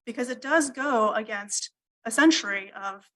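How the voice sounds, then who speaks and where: Female attorney, formal appellate argument, measured and deferential, slightly higher voice, courtroom livestream. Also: fairly bright tone, rough recording. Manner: measured, deferential, with frequent ums. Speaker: attorney arguing appeal.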